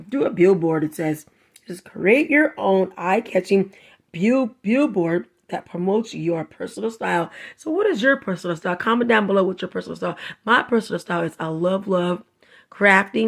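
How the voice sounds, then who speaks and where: A woman hosting a casual craft vlog, reviewing a coloring book in a chatty, effusive, sassy way and laughing often. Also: mid-range voice. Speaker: craft channel host.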